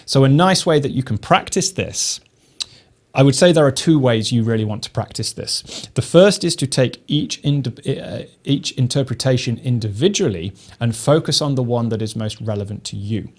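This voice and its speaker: A man giving a drum lesson, explaining technique in a measured, methodical way. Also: mid-range voice, animated. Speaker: drum teacher. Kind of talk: instructional lesson.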